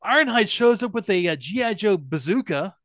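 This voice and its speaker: A man's voice: sits high, a little fast, no echo, clean studio sound. A man co-hosting a podcast, casually and animatedly retelling a cartoon episode and acting out the characters' lines. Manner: animated storytelling, acts out quotes, laughs often. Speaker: podcast co-host.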